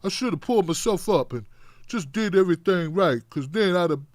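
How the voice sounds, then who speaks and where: A man's voice: high-pitched, expressive, brisk, no echo, clean studio sound. A man voicing a defeated poor man who blames himself, mumbling and sheepish in his speech. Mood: self-pitying. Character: self-blaming poor man, meek and defeated.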